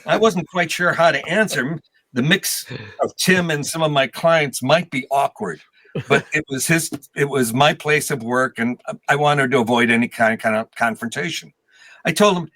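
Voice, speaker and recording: A man's voice: fairly high pitch, moderate pace, a bit bright. Older man telling rambling stories. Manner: rambling, self-deprecating, with restarts. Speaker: guest musician. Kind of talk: casual storytelling interview.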